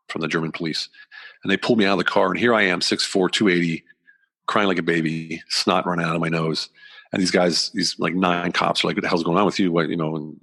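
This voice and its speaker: A man's voice: deep voice, creaky, bright, forceful tone. A man from the United States, a podcast guest, telling his personal story candidly and earnestly, rambling and often restarting his sentences.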